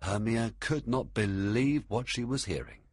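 A man narrating a storybook in an expressive read-aloud manner. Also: fairly low pitch, a little slow, slightly rough, no echo, studio quality.

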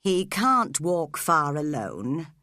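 A woman puts on a cruel, scheming man for a storybook reading, his voice pitched low and kept quiet and controlled. The menace stays cold, with the odd flare into a shout. The reading moves slowly and clearly. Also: sing-song, no echo, studio quality, exaggerated voice. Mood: cold, menacing.

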